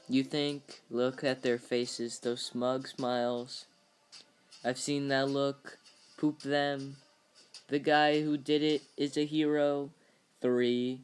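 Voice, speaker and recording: A man voicing a troubled, lonely male aspiring comedian in a parody dub of a film script, with a halting, stammering delivery. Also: medium pitch, clear, resonant tone.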